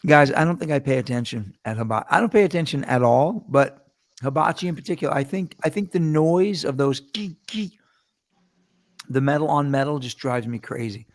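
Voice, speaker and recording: A man hosting a casual chat show, telling rambling stories with quick laughs and restarts. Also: mid-range voice. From New York. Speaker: host.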